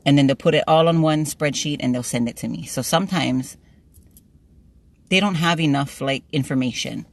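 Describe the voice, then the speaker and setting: A woman's voice: deep voice, moderate pace, vocal fry. A middle-aged woman, chatting to her phone camera from a parked car. She laughs often and tells playful stories. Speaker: vlogger. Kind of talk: casual chat to camera.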